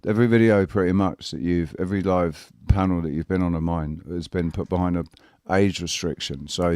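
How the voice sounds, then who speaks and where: A man with a low voice hosting an online panel chat. He talks in an earnest, lecturing way and often restarts his sentences. The sound is dry and close. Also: steady tone, fairly quick, darkish tone, smooth, dry recording. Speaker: channel host. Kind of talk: casual chat.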